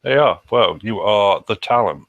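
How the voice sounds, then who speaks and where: A man with a British accent, co-hosting a podcast with deadpan, sardonic jokes. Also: fairly low pitch, normal speed, no echo, highs cut off. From Britain. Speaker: podcast co-host. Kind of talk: casual banter.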